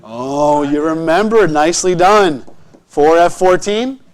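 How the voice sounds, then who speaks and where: A man teaching a chemistry lesson in a classroom, his voice sitting quite high. He keeps encouraging the students and checks often that they follow. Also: takes it slowly, smooth. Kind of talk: classroom lecture.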